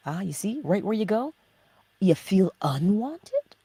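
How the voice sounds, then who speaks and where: Female inspirational host, husky, dry close sound, questions and answers herself, lively swings in pitch. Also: a little slow, no room sound. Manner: asks rhetorical questions and answers them herself; drops into hushed, whispered emphasis. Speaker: host of a morning inspiration livestream. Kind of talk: motivational spiritual talk.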